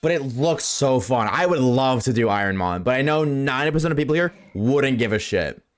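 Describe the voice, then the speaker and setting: A man's voice: lively intonation, a little fast, faint music behind. Casual, swearing male game streamer. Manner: loose and profane, chatting with viewers, jumps between high and low voice. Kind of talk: casual live-stream chat while gaming. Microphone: desk microphone.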